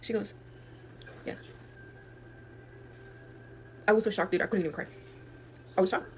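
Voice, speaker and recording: A woman's voice: mid-range voice, very fast, slight background noise. A young woman from Texas telling a wild family story in casual, profane speech, acting out quotes. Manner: profane, animated, acts out quotes. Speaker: guest storyteller.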